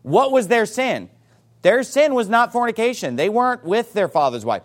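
A man preaching a sermon, reading scripture and acting out quoted voices with lively energy. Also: high voice, normal speed. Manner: animated, acts out quoted voices.

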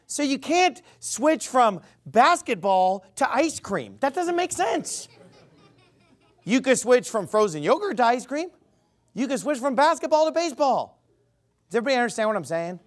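High-voiced man preaching emphatically. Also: sing-song, normal speed. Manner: emphatic, quizzes the crowd with rhetorical questions. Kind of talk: sermon.

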